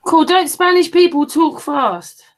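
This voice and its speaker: A woman's voice: extremely high pitch, animated, unhurried, poor audio. Curious questioning woman on a call. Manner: curious, asks lots of questions, giggly. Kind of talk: casual group call chat.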